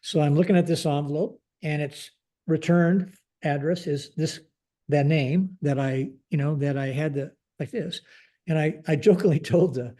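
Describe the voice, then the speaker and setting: A man's voice: a little high, fairly even intonation, moderate pace, warm tone. An older American man, a retired Air Force general, telling a story in a podcast interview and acting out the dialogue. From United States. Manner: conversational, acts out dialogue in quotes, frequent fillers.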